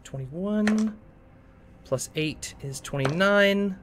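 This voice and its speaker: A man's voice: high voice, drawn-out words, background noise. A man acting as game master, tallying rolls aloud and narrating events in a tabletop game. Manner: tallies dice rolls aloud.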